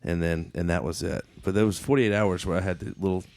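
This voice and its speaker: A man's voice: sits low, steady tone, fast talker, vocal fry, darkish tone, slight background noise. A middle-aged man hosting a podcast, talking bluntly and with profanity and asking direct questions. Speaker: podcast host. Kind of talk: casual interview chat.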